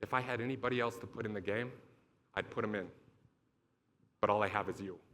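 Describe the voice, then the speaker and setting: Man playing an intense head football coach, low-voiced, stern, cursing, bright tone. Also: lively intonation, moderate pace. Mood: hushed.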